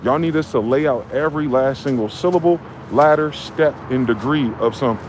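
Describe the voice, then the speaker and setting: A man's voice: medium pitch, noisy background. A man from New Jersey delivering a heated, profane ranting monologue as a vlogger. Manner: profane, heated, fast-talking.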